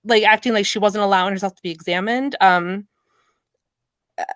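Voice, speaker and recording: Female host, mid-pitched, dry sound, muses aloud in a loose panel chat. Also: fairly quick, clean tone, no room sound. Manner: thinking aloud, frequent restarts and hedges. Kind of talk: casual panel discussion.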